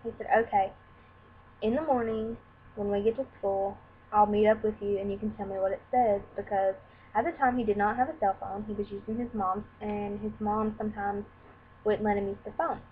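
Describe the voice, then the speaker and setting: With a steady tone at a moderate pace and a medium pitch, a young vlogger shares a personal story straight to camera. She rambles openly and voices the other people's quoted words herself; the sound is tinny and lo-fi, with faint hiss.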